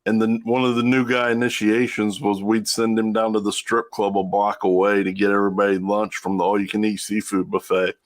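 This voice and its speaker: A man's voice: fairly low pitch, flat delivery, fairly quick, hardly any pauses, dry recording. A man on a casual group chat, telling an old workplace story in a laid-back way.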